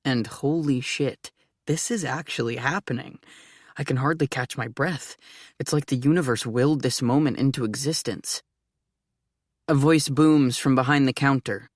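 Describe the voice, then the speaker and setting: A woman's voice: a bass voice, moderate pace, darkish tone, no echo, studio quality. A woman narrating an audiobook in the first person, with an eager, flustered delivery.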